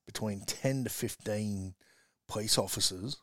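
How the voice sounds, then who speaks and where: A man's voice: fairly low pitch, a little slow, no room sound, studio quality. Chatty Australian man telling stories. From Western Sydney, Australia. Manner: chatty, says "mate" constantly, animated storyteller. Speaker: rugby league coach, guest. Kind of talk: casual storytelling interview.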